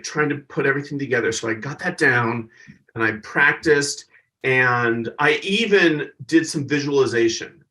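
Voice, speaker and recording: A man's voice: medium pitch, sharp tone, distant mic, poor audio. A male stand-up comedian, a podcast guest, animatedly telling an anecdote and acting out other people's voices.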